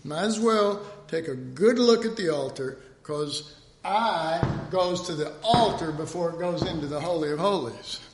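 A preacher doing a blunt, dry-voiced God. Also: male voice, on the high side, measured pace, roomy sound, a little hiss or hum, natural voice. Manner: blunt and offhand. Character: unimpressed God, blunt and dryly teasing.

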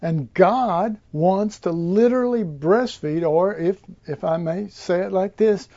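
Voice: medium pitch, unhurried, dark tone, lo-fi sound. A preacher giving an informal Bible teaching, rambling with many fillers and restarts.

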